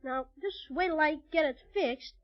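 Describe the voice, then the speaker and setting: An actress playing an eager, excitable young boy in an old radio drama, bursting into exclamations. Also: sits high, normal speed, lightly acted. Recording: dull old radio recording.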